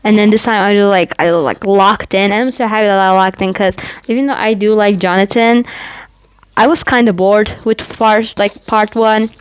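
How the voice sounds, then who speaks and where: A woman's voice: mid-range voice, steady tone, normal speed, clear, resonant tone. A woman vlogger gushing about a show she loves, in a rambling, casual recap full of "like.".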